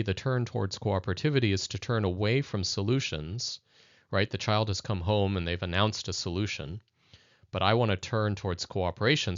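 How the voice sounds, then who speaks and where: Deep-voiced man giving a reflective lesson. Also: no room sound. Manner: thoughtful, addresses viewers directly. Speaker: educator. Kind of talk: conversational video lesson. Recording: dull lo-fi dry recording.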